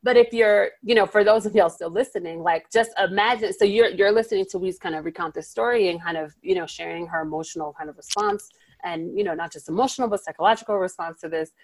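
A woman co-hosting a podcast in casual chat, animated, laughing often and leaning on fillers. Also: mid-range voice, quick pace. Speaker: podcast co-host.

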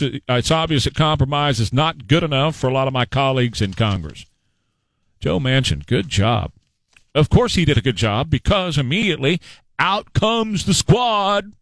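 Talk radio host, male, combative and mocking, a lively up-and-down delivery in a dry booth. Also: fairly high pitch, no room sound. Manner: combative and sarcastic, mocking voices of others. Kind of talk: opinionated talk radio commentary.

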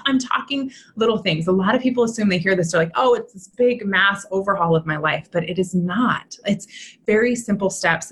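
A woman in her thirties, appearing as a mentor and guest on a podcast, explains things in an upbeat, chatty conversation and frequently checks in with "right?". Her voice is medium-pitched and fairly bright.

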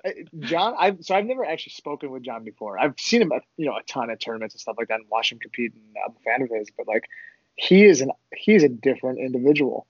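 A man's voice: mid-range voice, big pitch swings, fast, breathy edge, no echo. A man, a podcast guest, talking in easygoing casual chat and laughing along with the host. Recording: dull, dry sound.

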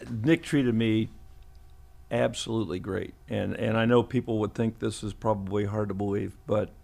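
A man's voice: on the low side, steady tone, moderate pace, gravelly, darkish tone. A man in his seventies, a veteran football coach, telling chuckling, rambling stories as an interview guest in a podcast studio. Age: 70s. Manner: chuckling, rambling anecdotes with restarts. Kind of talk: storytelling interview.

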